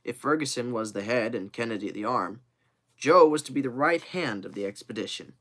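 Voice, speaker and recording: A man reading a classic novel aloud live, expressive, with occasional slips and fillers. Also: mid-range voice, brisk. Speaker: reader.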